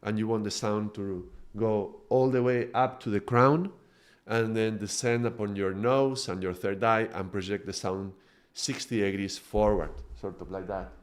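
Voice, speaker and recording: A man's voice: on the low side, fairly even intonation, a little slow. A man giving a live-streamed spiritual teaching talk, thoughtful and searching for his words, with a light laugh at himself. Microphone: microphone.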